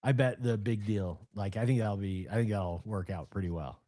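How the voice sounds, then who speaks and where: A man in his thirties co-hosting a casual podcast, an animated storyteller who bursts into excited emphasis. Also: lowish voice, moderate pace. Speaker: podcast co-host.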